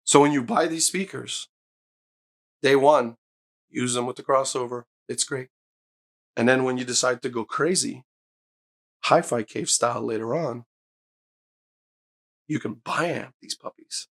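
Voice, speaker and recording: A man's voice: mid-range voice, measured pace, pauses often. A man hosting his own hi-fi channel, giving an enthusiastic, emphatic speaker review straight to camera. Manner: enthusiastic, emphatic, swears when excited. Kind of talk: excited gear review to camera.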